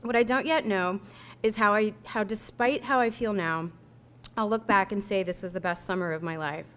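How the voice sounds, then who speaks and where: Smooth-voiced woman reading her memoir. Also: mid-range voice. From United States. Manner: measured, reflective storytelling. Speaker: author reading her own essay. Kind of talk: reading a personal memoir aloud.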